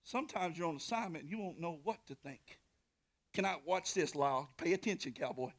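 A pastor delivers a sermon built around a story, calling out to the congregation and swinging animatedly between shouting and whispering. He speaks a little high and fairly quickly.

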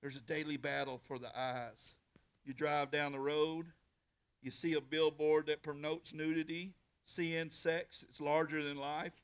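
Preacher guy, folksy and worked up, stumbles and restarts a lot, kinda high voice. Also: level tone, a little slow, clean tone. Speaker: pastor. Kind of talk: sermon.

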